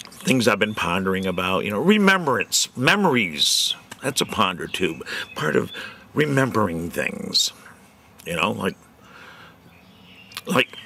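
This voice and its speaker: A man's voice: sits low, vocal fry, pushed and bright, a little hiss or hum. A middle-aged man hosting his own segment, telling rambling folksy jokes with lots of fillers and chuckling at his own punchlines. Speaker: host of a community show segment. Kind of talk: rambling joke-telling monologue.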